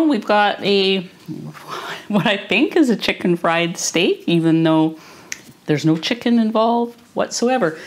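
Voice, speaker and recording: A woman chatting casually in her home kitchen as she tastes her cooking for a vlog. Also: mid-range voice. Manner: relaxed and chatty, tasting as she talks. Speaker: cooking vlogger. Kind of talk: casual cooking video chat. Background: clinking cutlery and dishes.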